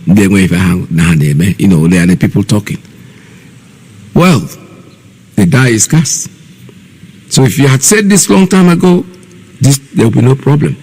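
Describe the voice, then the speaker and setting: A Nigerian-accented man hosts a live online radio show, his voice gravelly with a rough fry. He scolds and mocks as he talks straight at his listeners, and a long reverb trails each phrase. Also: lowish voice, normal speed, pauses often, a little mellow. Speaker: radio host.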